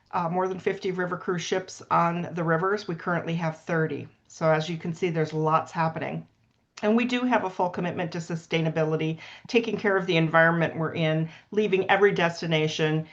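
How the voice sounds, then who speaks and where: A woman's voice: fairly low pitch, highs cut off. A woman presenting a cruise line on a video call, upbeat and chatty, with a self-deprecating streak. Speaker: cruise line sales partner. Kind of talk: casual webinar presentation.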